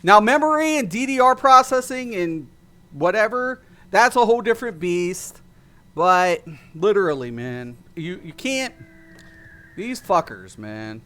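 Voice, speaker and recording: High-voiced man ranting angrily. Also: very animated, measured pace, pushed and bright. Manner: heated, profane, rambling with restarts. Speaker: gaming streamer. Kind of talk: ranting livestream commentary.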